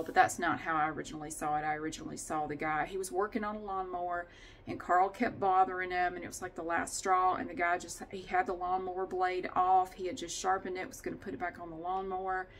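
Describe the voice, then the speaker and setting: A woman's voice: lowish voice, steady tone, brisk, slight background noise. A woman vlogging at home in a casual, chatty monologue, ranting with sighs and swearing.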